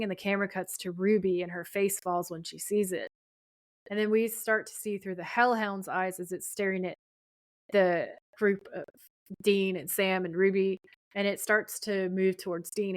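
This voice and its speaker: A woman's voice: medium pitch, dry recording. A woman co-hosting a podcast, casually retelling a TV episode scene by scene and quoting the characters' lines. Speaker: podcast co-host.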